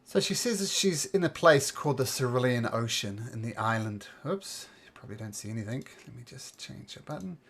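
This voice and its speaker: A woman runs a tabletop game over a voice call. She narrates in a relaxed, chatty way with fillers and restarts. Her voice is husky and breathy. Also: extremely low pitch, fairly quick, few pauses. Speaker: game master. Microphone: computer mic on a voice call.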